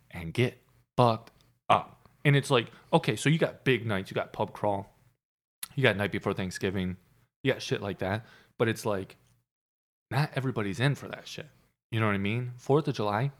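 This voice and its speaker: A young man co-hosting a casual podcast, talking in a relaxed, swearing way. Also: mid-range voice. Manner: laid-back, swearing. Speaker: podcast co-host. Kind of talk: casual chat.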